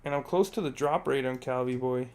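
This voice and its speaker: A man's voice: mid-range voice, a little fast. A young man streaming a game and chatting casually, laid-back and heavy on filler words like "bro". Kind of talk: casual chat while gaming.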